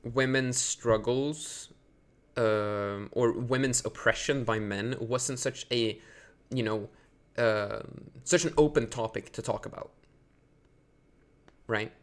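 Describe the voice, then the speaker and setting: A Swedish man rants on a live stream, rambling and indignant, with lots of fillers and louder bursts when he gets outraged. His mid-range voice moves slowly, and he pauses often.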